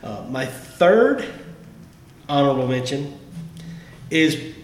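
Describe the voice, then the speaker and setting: Slow but very animated, a man at medium pitch hosts a podcast where he casually raves about his favorite songs. He restarts his sentences a lot. The space sounds echoey, with faint noise in the background.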